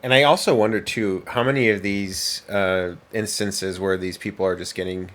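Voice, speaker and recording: A man's voice: low-pitched, steady tone, moderate pace, a bit bright. A man co-hosting a parenting podcast, chatting casually and rambling with lots of fillers and restarts. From United States. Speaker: podcast co-host. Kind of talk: casual chat.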